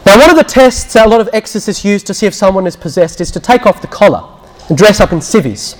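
High-voiced priest teaching. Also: male voice, lively intonation, fast. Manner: storytelling, acts out quotes, drops to a hushed voice when recounting prayers. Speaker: Catholic priest. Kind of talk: teaching talk with anecdotes.

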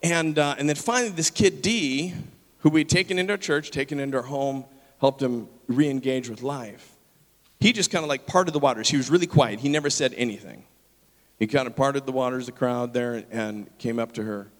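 A pastor telling a story in a sermon and acting out the people in it. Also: male voice, medium pitch, normal speed. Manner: animated, acts out the people in his story. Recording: long reverb of a large hall.

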